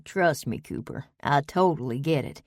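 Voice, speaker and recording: A woman's voice: deep voice, expressive, normal speed, dry recording, studio quality. A woman voicing a friendly, teasing male banker in an audiobook. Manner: chummy, teasing. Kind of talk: audiobook character voice.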